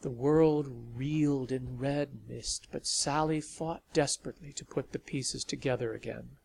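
A male audiobook narrator reads a story aloud in a steady storytelling manner. His mid-range voice is creaky and a little slow.

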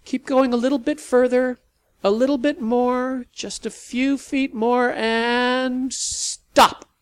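A man voicing a frightened, defiant young woman in an audiobook, pushing his voice far up and shouting. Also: steady tone, slow pace, clear, resonant tone, dry recording. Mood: urgent. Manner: shouting in a high strained voice.

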